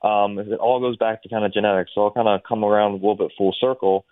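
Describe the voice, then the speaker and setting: A man's voice: fairly low pitch, steady tone, fast talker, no echo. A man in a casual interview, explaining medical ideas at length with frequent fillers and restarts. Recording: dry, phone-like line.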